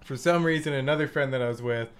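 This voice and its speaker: A man's voice: mid-range voice, fast talker. A young man co-hosting a podcast, telling rambling stories in casual chat with lots of fillers. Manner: rambling storyteller, frequent fillers and laughter. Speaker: podcast co-host.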